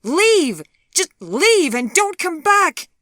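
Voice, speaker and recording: A woman narrator voicing a terrified young woman in an audiobook, crying out in a high, shaking, panicked voice. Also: very animated, slow pace, a bit bright, no echo, studio quality, exaggerated voice. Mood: screaming. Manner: high, shrill, panicked cries. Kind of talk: audiobook dialogue.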